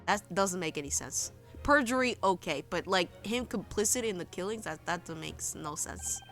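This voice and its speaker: A woman's voice: fairly low pitch, animated, normal speed, a bit bright, faint music behind. A woman streaming a game, chatting casually, swearing freely and laughing often. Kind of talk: casual gameplay commentary.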